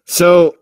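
Dry, deadpan podcast co-host man. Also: mid-range voice, dry recording. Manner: distracted, dry deadpan remarks. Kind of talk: casual podcast chat.

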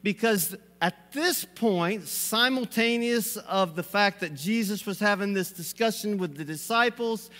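A man with a fairly high voice delivers a sermon in a church sanctuary, folksy and rambling. He fills his talk with "uh" and little chuckles. His voice carries the long reverb of a large hall. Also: a little slow, few pauses, fairly bright tone. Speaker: pastor.

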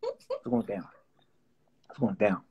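A man's voice: lowish voice, wildly swooping pitch, slow, warm tone, slightly rough, muffled recording. A young man who writes and produces songs, chatting casually in an interview, playful and loose with lots of fillers and repeats. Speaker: songwriter and producer.

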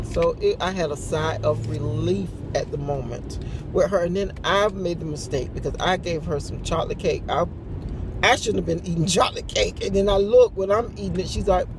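Older woman vlogger, gravelly voice with faint car hum behind; chatty, acts out quotes, laughs a lot. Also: low voice. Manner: laughs often. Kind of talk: casual morning chat.

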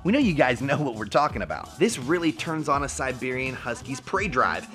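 Male vlog host, casual pet-care tips, animated and playful delivery, voice swoops widely, soft music faint underneath. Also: mid-range voice, a little fast. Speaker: dog trainer vlogger.

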